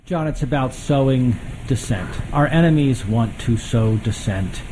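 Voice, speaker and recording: A government official giving an interview, speaking in a measured, earnest way with some fillers. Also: male voice, medium pitch, animated, noisy background.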